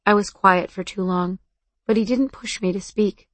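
Soft-spoken woman narrating a story. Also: mid-range voice, fairly even intonation, normal speed, no room sound. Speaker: audiobook narrator. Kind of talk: scripted first-person narration.

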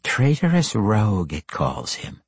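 Casting: a man doing an imperious dark elf matriarch, clipped and commanding, husky timbre, lively lift and fall. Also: on the low side, slow, no room sound, full character voice. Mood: hushed. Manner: commanding, sharp, spiteful. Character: cold imperious drow matriarch, female. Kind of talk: audiobook character voice.

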